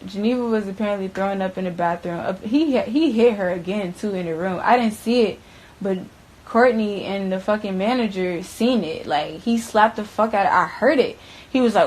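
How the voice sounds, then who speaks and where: A woman's voice: mid-range voice, expressive, normal speed. A young woman telling a story in a casual way, blunt and profane, with lots of "like" and "bruh". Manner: blunt, profane, filler-heavy, keeps saying bruh and like. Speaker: witness recounting an event. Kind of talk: casual first-person storytelling.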